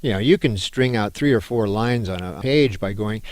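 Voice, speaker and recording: A man's voice: on the low side, normal speed, dry recording. A middle-aged male anthropology professor giving a conversational, emphatic lecture on writing, with fillers and restarts.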